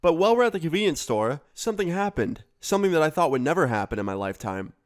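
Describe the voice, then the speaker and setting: A man's voice: on the high side, very animated, quick pace. Casual, profane storytelling man. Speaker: storyteller vlogger. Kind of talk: storytime vlog.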